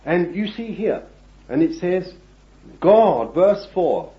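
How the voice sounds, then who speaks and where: A man preaching a sermon, reading scripture and addressing his listeners as beloved, swinging from hushed words to loud ones. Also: medium pitch, lively intonation, slow. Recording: dull, echoey old recording.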